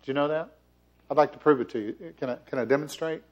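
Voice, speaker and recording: A man's voice: fairly high pitch, fast talker, muffled recording. A man giving a sermon as the church's minister, playful and jokey, often chuckling as he talks to the congregation. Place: church sanctuary.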